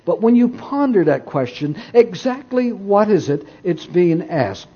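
Lively, husky-voiced preacher man. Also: sits high. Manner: storytelling, emphatic and deliberate. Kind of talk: sermon. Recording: dull lo-fi recording.

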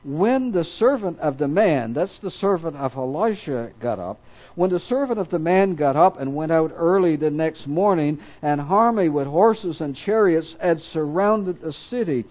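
A man's voice: on the high side, expressive, normal speed, darkish tone, muffled recording. A man preaching a sermon, reading scripture aloud and acting out the quoted voices, stopping now and then to correct himself.

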